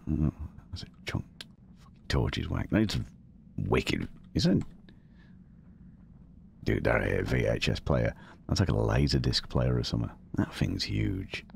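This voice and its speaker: Very deep, gravelly hushed gamer. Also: male voice, sing-song, unhurried, slight background noise. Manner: hushed, talking low to keep quiet. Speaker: gaming channel host. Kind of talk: let's play commentary.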